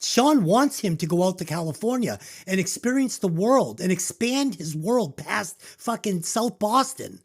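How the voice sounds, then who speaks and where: Podcast co-host, casual movie chat, animated pitch, emotional, choked up, swears a lot. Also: unhurried, hardly any pauses, breathy edge.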